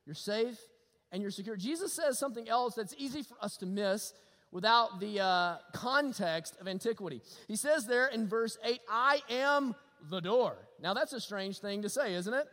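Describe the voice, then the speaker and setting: Male pastor, storytelling sermon, loud then hushed, high-pitched, echoing church hall. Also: normal speed. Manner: storytelling, swings between loud emphasis and low hushed lines. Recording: long hall reverb.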